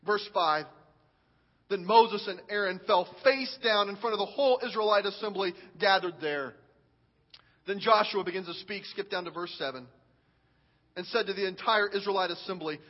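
High-voiced preacher in a reverberant hall. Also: male voice, moderate pace. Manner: animated, dramatic reading with big swings in loudness. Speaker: pastor. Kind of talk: sermon. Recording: dull sound with long hall reverb.

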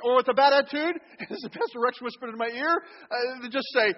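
A man with a very high voice preaching to a congregation, his words trailing off into the long reverb of a large hall. He keeps it humorous, slipping into little acted-out voices as he quotes what people think to themselves. The recording sounds dull and lo-fi. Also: fast talker, hardly any pauses. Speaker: pastor. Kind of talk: sermon. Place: church sanctuary.

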